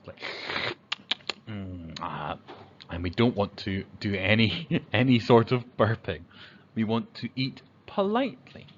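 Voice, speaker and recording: Slow, lively male teacher. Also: highs cut off, slight background noise. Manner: slow, clear, acts out examples in a high child's voice. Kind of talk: children's lesson on manners.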